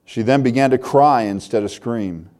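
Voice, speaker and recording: A man's voice: medium pitch, normal speed, darkish tone. An older man preaching a sermon, reading a story aloud in an earnest, heartfelt way.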